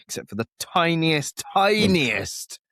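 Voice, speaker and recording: A man's voice: mid-range voice, animated, a little fast, fairly bright tone, dry recording, studio quality. A man co-hosting a podcast, chatting playfully with jokey asides. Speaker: podcast co-host. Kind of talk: casual podcast chat.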